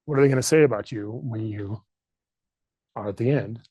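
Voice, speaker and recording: A man's voice: mid-range voice, normal speed, slightly rough, no room sound, highs cut off. Earnest middle-aged man in a dry room. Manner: earnest, candid, fighting back tears. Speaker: leadership trainer. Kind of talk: emotional workshop talk. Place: training room.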